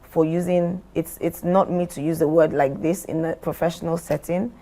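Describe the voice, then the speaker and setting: Middle-aged woman from nigeria, low gravelly voice, talks slow and deliberate as a podcast guest. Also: fairly even intonation, warm tone. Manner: measured, deliberate, role-plays what she would say. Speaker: guest, former hotel company CEO. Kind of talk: podcast interview.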